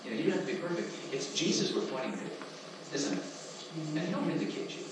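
A man's voice: on the high side, a little fast. Guy preaching in church, voice jumps all over, recorded from far off in an echoey hall, noisy. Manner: lively conversational preaching, asks the congregation questions. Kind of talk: sermon.

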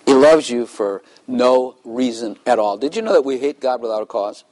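An older man preaching to his congregation in an easygoing, talkative manner. He keeps pausing to chuckle and to throw questions at the room. His voice sits at an ordinary middle pitch for a man. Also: expressive, darkish tone, poor audio. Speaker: pastor. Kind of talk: sermon.

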